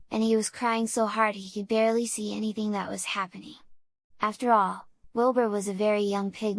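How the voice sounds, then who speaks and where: A woman narrating a children's audiobook in a measured, unhurried way. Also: medium pitch, no echo.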